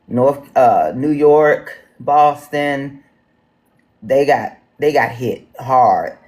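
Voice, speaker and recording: Woman host with a D.C. accent, casual livestream chat, deep voice, slow, homey. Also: darkish tone. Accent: Washington D.C. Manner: chatty, folksy, addresses viewers as y'all. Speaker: livestream town hall moderator. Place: home in Washington D.C.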